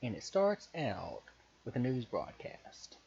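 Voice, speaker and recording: A man with a Southern US accent pitching a story in loose, profane, hesitant casual talk full of fillers. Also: huge pitch swings, takes it slowly, creaky, a little mellow. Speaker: podcaster pitching a story idea. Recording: muffled recording with faint hiss.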